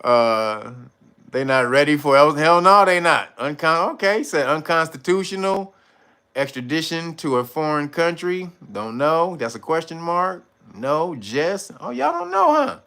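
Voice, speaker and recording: A man's voice: fairly high pitch, animated, a little slow, pushed and bright. A man hosting a casual livestream, talking in profane street slang, laughing often and answering his viewers' chat. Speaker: livestream host.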